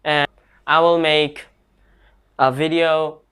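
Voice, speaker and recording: A man with a fairly high, clean and fairly bright voice shows little pitch movement while teaching English online in a relaxed lesson. He proceeds slowly and hesitantly, restarting phrases, his grammar non-native.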